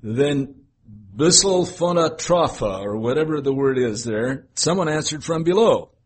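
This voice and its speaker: A man's voice: a little high, expressive, measured pace, slightly rough. A pastor reading a children's story aloud to his congregation, with chatty asides and laughs at himself.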